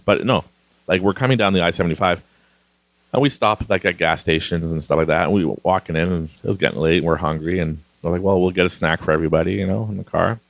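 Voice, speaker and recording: Low, gravelly-voiced chatty man. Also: fast talker, no echo. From Canada. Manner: rambling, chatty, laughs often. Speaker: podcast host. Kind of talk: casual monologue.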